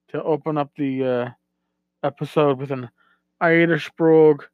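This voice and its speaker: A man with a cold hosts a casual solo podcast in a slow, unhurried way, tripping over restarts and throwing in asides. His voice sits a bit high for a man. The recording is dull and dry, with no room sound. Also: clean tone, no room sound. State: has a cold. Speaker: podcast host.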